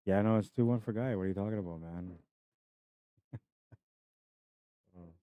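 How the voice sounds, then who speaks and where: A young man with a deep, low voice hosts a casual pool live-stream, chatty and laughing easily as he greets viewers by name. The sound is dry and close, with a slightly dull, muffled stream quality. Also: normal speed, clear, resonant tone, dry recording.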